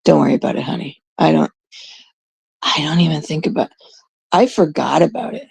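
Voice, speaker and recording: A woman's voice: sits low, lively intonation, brisk, creaky, a little mellow, slightly rough, no echo. A Canadian woman in casual, unscripted talk to her chat, blunt and rambling, swearing often. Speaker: streamer talking to chat.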